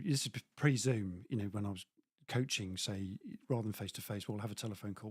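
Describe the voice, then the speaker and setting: A man hosting an interview over a video call, agreeable and quick to affirm his guest. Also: medium pitch, expressive, a little mellow, husky, no room sound, studio quality. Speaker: podcast host.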